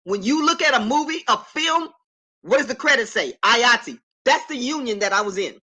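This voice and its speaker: High, bright-voiced emphatic woman. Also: animated, brisk, slightly rough. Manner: emphatic, self-affirming, shouts out viewers. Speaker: live streamer. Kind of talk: casual live-stream chat. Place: her apartment.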